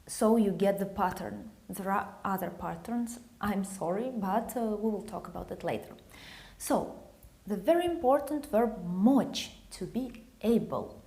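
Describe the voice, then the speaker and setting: A woman's voice: mid-range voice, animated, unhurried, vocal fry, mellow. A woman with a Russian accent teaching grammar, patiently repeating example phrases. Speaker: language teacher.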